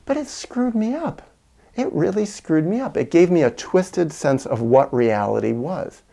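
Gravelly man telling a personal story. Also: expressive, a little slow, mellow. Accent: American. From United States. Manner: reflective, reenacts quoted dialogue with whispers and raised pitch. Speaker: video essayist on parenting.

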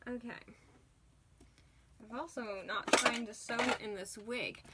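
Giggly, slow-talking young woman at home. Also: fairly high pitch, steady tone, very noisy. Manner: chatty, giggly, self-deprecating. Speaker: cosplayer. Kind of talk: casual vlog narration while crafting. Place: home sewing room.

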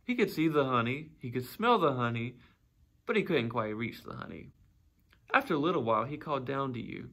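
A man reading a children's storybook aloud in an expressive, gently animated way. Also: mid-range voice, fairly quick.

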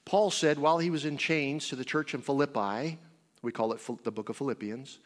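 A man preaching in a church sanctuary, his voice carrying a long, lingering reverb. His delivery is animated, with bold swings of pitch and loudness. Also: brisk. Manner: animated storytelling with big swings in pitch and volume. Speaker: guest preacher. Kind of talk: sermon.

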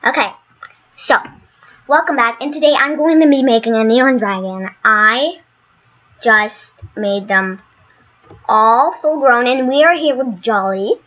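A woman casually commenting on her gameplay, excitable and gushing. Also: a little high, a little slow, long pauses, muffled recording. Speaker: gaming channel host.

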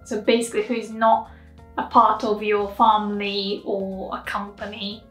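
A Japanese woman explaining polite speech in a lesson, repeating phrases slowly and carefully. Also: mid-range voice, little pitch movement, fairly bright tone. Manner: slow, careful modeling of phrases. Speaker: Japanese teacher. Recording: echoey room with faint music.

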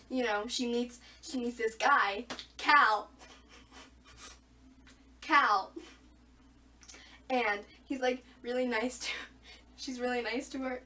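Excitable high-voiced teen girl gushing. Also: far from the mic, slight background noise. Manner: gushing, excitable, full of filler words. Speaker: vlogger. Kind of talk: casual book review chat.

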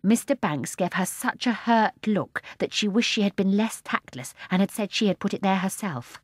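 A woman's voice: mid-range voice, slightly rough, dry recording, studio quality. Woman narrating a storybook. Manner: measured, expressive storytelling. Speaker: audiobook narrator. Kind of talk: scripted narration.

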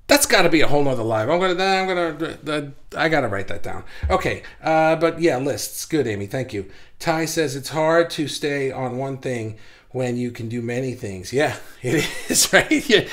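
A man in his thirties chatting live to his viewers, his voice sitting a little high for a man. He talks fast and keenly, tripping over fillers and restarts. He sounds a bit out of breath from his own excitement. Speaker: livestream host. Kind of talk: casual livestream chat.

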